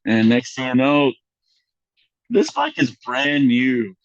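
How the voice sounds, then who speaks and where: Animated young man telling stories. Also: mid-range voice, takes it slowly, lo-fi sound. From Mexican heritage. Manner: animated, acts out quotes with big voice jumps, lots of fillers. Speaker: podcast guest. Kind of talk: casual storytelling chat.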